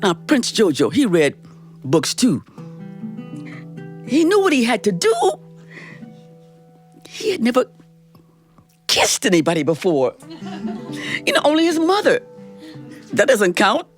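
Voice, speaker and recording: A woman's voice: on the high side, huge pitch swings, unhurried, pauses often, faint music behind. A woman storyteller telling a fairy tale in a playful, dramatic way, talking straight to her audience. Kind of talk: animated live storytelling. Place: live studio performance.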